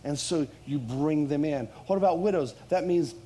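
Animated pastor preaching. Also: male voice, fairly high pitch, normal speed, a little hiss or hum. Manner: animated preaching, rising loud on key lines. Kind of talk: sermon. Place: church.

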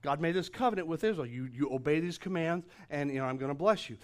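A middle-aged man preaching a sermon as a pastor, emphatic and repeating phrases as his excitement builds. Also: fairly high pitch, fast talker.

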